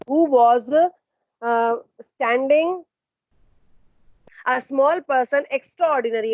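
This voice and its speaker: A woman leads an online literature lesson, unpacking a story line by line; she asks questions, answers them herself, and keeps paraphrasing and repeating. Her voice is on the high side with a darkish tone. The recording lacks room sound and is muffled.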